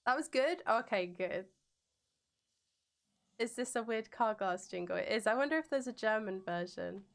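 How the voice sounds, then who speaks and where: A woman's voice: on the high side, expressive, moderate pace, vocal fry. Playful woman streaming a game. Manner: playful and giggly, sings jingles in silly voices. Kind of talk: casual gameplay commentary chatting with viewers.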